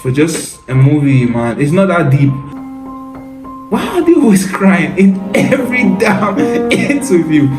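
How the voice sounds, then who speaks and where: A man's voice: sits high, sing-song, unhurried, reverberant, over loud music, rough recording. A man hosting a casual reaction commentary, mocking and exasperated, laughing often and calling the listener bro. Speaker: commentary video host.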